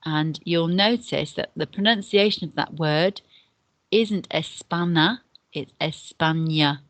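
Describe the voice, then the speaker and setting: A woman's voice: lowish voice, measured pace, a bit bright, dry recording. A woman teacher giving a recorded beginner language lesson, explaining patiently and step by step, often repeating words to pupils. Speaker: deputy head and Spanish teacher.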